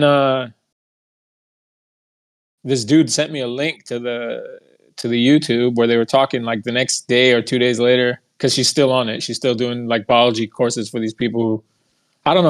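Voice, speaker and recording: Profane ranting man, mid pitch. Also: flat delivery, normal speed. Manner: profane, heated storytelling with mocking quoted voices. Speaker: podcast host. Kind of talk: casual ranting monologue.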